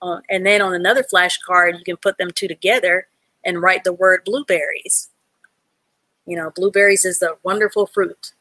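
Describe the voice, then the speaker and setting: Her voice is fairly low and bright, with a forceful tone and fairly even intonation at a normal pace, in a dry recording. Leading a live online reading class for adults, she patiently sounds out letters and words and praises learners from the chat.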